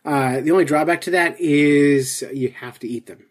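A man's voice: fairly high pitch, normal speed. A man from New Jersey co-hosting a podcast, chatting casually and joking often. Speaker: podcast co-host. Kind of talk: casual chat.

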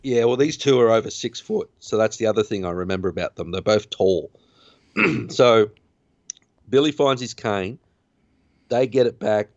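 Pausing often at a moderate pace, a man with a lowish voice hosts a podcast where he casually retells a film's plot. His rambling is filled with fillers and restarts, and the recording is dull, dry, and lo-fi.

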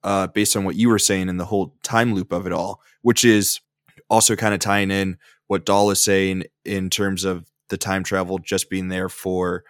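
A man's voice: low-pitched, no echo, clean studio sound. A man hosting a casual podcast discussion about a film, rambling with fillers and restarts. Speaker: podcast host.

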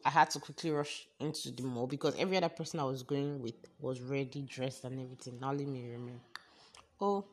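Low-voiced Nigerian woman telling a story. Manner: chatty, animated, exasperated storyteller. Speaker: podcast host. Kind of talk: casual storytelling.

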